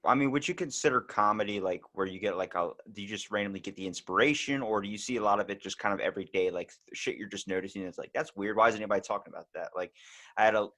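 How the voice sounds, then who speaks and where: A man with a fairly low voice hosts a podcast in loose, casual chat. He tells rambling, profane stories and acts out the quotes along the way. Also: quick pace, a bit bright. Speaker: podcast host.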